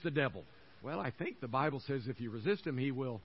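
An older man delivers a sermon from the pulpit at a middling pitch. His manner is folksy and conversational, and he drives his points home by repeating phrases. The recording is dull and lo-fi. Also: lively intonation, fairly quick, slightly rough. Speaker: pastor.

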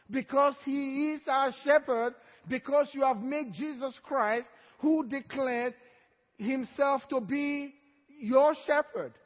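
A man with a very high voice preaches slowly, drawing out his words and asking the congregation to answer him. He is recorded in a church hall with long reverb, and the sound is dull and lo-fi. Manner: preaching with call-and-response, drawn-out emphatic phrases. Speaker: pastor. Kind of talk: sermon.

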